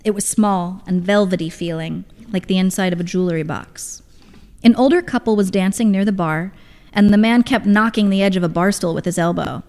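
A woman's voice: mid-range voice, brisk, a little mellow. A woman reading a first-person story aloud in a wry, reflective tone, with a long hall reverb on the recording. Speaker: reader.

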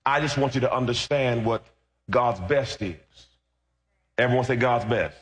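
A man's voice: medium pitch, moderate pace, a little hiss or hum. A male pastor preaching a sermon, telling a humorous personal testimony and reading scripture, calling out to his congregation. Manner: animated, humorous, calls out to the congregation. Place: church. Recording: roomy sound with loud music behind.

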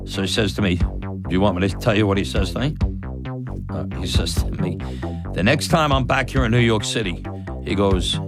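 Deep-voiced man telling a personal story. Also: normal speed, music in the background. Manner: animated, laughing, acts out quoted voices. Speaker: storyteller guest. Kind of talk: personal story told in an interview.

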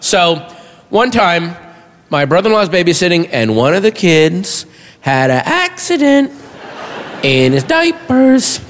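A man doing a stand-up comedy routine, animated and bursting into high shouted punchlines. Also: in a large hall.

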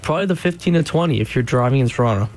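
A man's voice: medium pitch, lively intonation, rapid-fire, darkish tone, no room sound. Man co-worker on radio, easygoing, hesitant, studio. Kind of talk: casual on-air chat.

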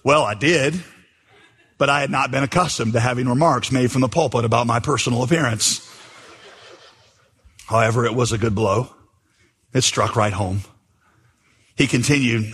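A man's voice: mid-range voice, moderate pace, long pauses, a bit bright, breathy edge, big-room sound. A male pastor giving a sermon in a conversational storytelling manner, reading quotes aloud.

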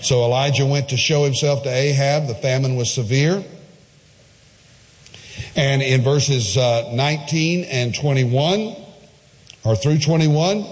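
A man's voice: mid-range voice, unhurried, long pauses, big-room sound. A man preaching a sermon, retelling a story emphatically with asides to the listeners.

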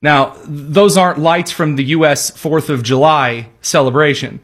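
Man, news commentary host, sarcastic, wry asides, slightly high voice. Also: fairly even intonation, a little slow, a bit bright, breathy edge. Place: studio, also aired on radio.

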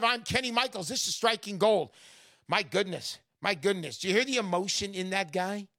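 A man hosting a call-in radio show, brash and salesy, turning loud for emphasis. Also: high voice, animated, normal speed, no room sound, studio quality.

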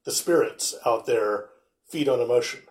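A man's voice: medium pitch, moderate pace. A man chatting casually and telling easygoing anecdotes. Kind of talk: casual chat. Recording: echoey room.

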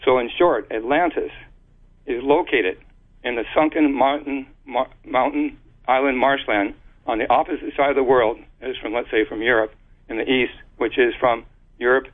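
A man explaining a theory as an interview guest, speaking haltingly with many restarts and spelled-out words. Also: medium pitch, steady tone. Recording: tinny phone line.

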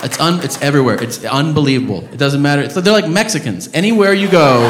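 A male stand-up comedian tells a long story on stage, loud and profane, with sudden shouted rants. The sound is roomy, with clear noise from the live club audience behind him. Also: a little high, lively intonation, quick pace, hardly any pauses, a crowd in the background. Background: audience laughter.

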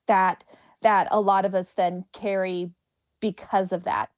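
A woman's voice: medium pitch, flat delivery, a little slow. A woman comedian who stutters, repeating the first sounds of words as she answers interview questions. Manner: laughs while telling stories.

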